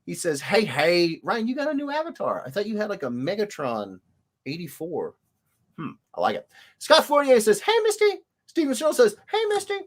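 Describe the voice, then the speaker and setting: This illustrator hosts an easygoing stream, his high voice moving at a moderate pace. He greets every commenter in a teasing sing-song tone, his pitch bouncing around nonstop as he chats animatedly.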